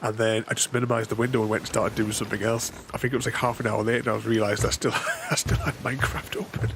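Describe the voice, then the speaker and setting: A man's voice: lowish voice, fast talker, creaky. A man giving casual, rambling gameplay commentary as a channel host, often restarting his sentences and chuckling to himself. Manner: rambling, self-interrupting, chuckling. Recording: voice over steady game noise.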